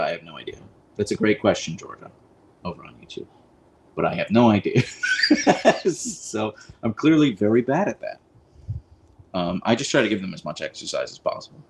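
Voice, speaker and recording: A man hosting a casual live stream, rambling in a friendly way with lots of fillers, speaking into a boom mic. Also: vocal fry, slight background noise, poor audio. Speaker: livestream host.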